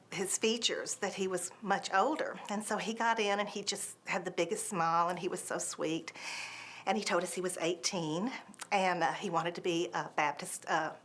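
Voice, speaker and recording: A woman's voice: on the low side, normal speed. Woman telling a heartfelt mission story. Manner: warm storyteller, acts out voices in quotes. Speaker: mission trip member. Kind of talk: personal storytelling testimony.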